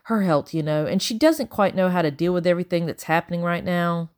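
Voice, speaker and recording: A woman voicing a firm, composed grown woman who speaks sharply and calmly. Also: on the low side, brisk, smooth, lightly acted. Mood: firm soothing. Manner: sharp, then soothing.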